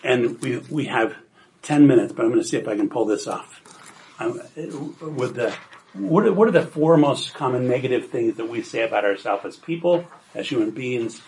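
A man's voice: medium pitch, animated, moderate pace, darkish tone, a little hiss or hum, poor audio. An older man, a grandfather, presenting a parenting workshop in an earnest, encouraging way, repeating words for emphasis. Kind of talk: workshop talk.

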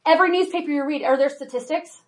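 A high-pitched woman in her forties speaks to a live audience as a homeschool presenter. She talks in a chatty way, filling her sentences with "like" and checking in with "right?" and "okay?". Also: quick pace. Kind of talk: workshop talk to an audience.

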